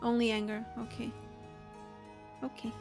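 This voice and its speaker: A woman taking part in a tabletop game, her voice sitting slightly high. She asks hesitant, questioning things and giggles easily. Faint music runs in the background. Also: monotone, unhurried, darkish tone. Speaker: player.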